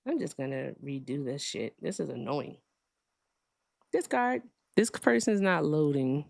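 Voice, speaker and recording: A woman's voice: deep voice, animated, measured pace, vocal fry, a little mellow, no echo. A woman hosting a livestream debate, casual, blunt and profane, sounding tired.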